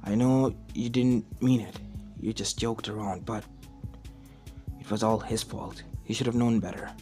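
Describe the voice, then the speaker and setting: A man voicing a gentle, forgiving girl animatronic in a fan storybook, soft and reassuring. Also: lowish voice, a little slow, soft background music, lightly acted.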